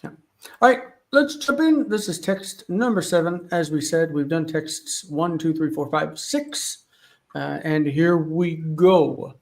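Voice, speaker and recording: A Hebrew teacher leads a live online class from a home studio with one light, working through texts. He thinks aloud and checks references mid-sentence, speaking unhurriedly in a highish voice with vocal fry. The audio is poor.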